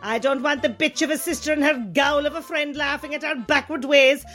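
A woman's voice: high-pitched, steady tone, a little fast, fairly bright tone, soft background music. A woman voicing a grumpy rural woman caller in a comedy radio sketch, sour and sarcastic. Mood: grumbling.

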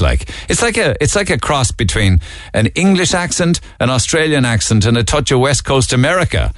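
A man's voice: mid-range voice, very animated, fairly quick, fairly bright tone, no echo, studio quality. A man with a Cork Irish accent hosting a morning radio show, chatting through the papers and making asides to listeners. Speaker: radio host.

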